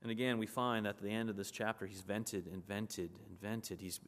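A man's voice: fairly low pitch, fairly even intonation, fairly quick. A man preaching a sermon in an earnest, conversational way, reading scripture aloud and explaining it.

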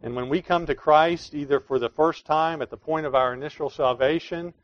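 A man's voice: on the high side, fairly quick, no echo. Earnest preaching man, dull dry sound. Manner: earnest preaching, swings from soft to emphatic. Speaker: pastor. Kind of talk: sermon.

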